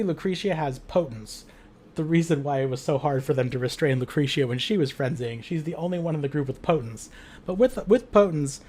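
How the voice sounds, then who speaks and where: A man's voice: fairly high pitch, darkish tone. A man recapping a tabletop game as game master, rambling with lots of fillers, swearing and laughing. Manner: rambling, full of "like" fillers, profane, laughs a lot. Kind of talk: casual retelling of a tabletop game.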